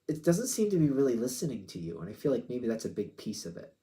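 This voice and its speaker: A man's voice: mid-range voice, sing-song, fast, mellow. A man giving a casual tarot reading, musing aloud and acting out quoted back-and-forths. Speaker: tarot reader.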